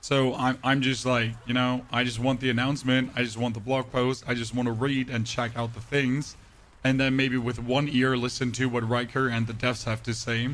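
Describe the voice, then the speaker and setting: A male game streamer chatting casually with his live chat, his voice temporarily deeper and rougher than usual, bantering and reading messages aloud with sarcastic asides. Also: flat delivery, moderate pace, a bit bright.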